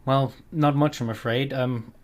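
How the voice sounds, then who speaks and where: A man's voice: medium pitch, fairly even intonation, unhurried, close to an everyday voice. A man voicing a wary, middle-aged male tavern barkeep who talks in a plain, hesitant way.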